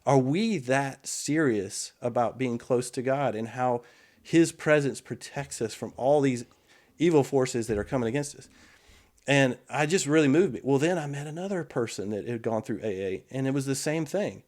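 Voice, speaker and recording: A middle-aged man telling an earnest, reflective story in casual conversation as a podcast guest, with frequent restarts and quiet asides. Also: medium pitch, moderate pace.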